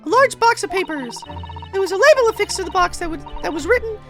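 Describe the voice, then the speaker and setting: A man voicing a polite, gentle young woman assistant from a mystery game in a soft, high falsetto. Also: expressive, fast, music in the background. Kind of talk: reading game dialogue aloud.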